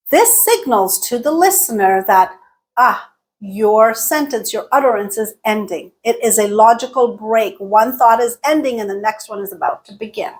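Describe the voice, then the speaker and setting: A woman teaching a lesson, speaking clearly and deliberately and exaggerating pitch in her example sentences. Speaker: English teacher. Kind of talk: explanatory lesson with spoken examples.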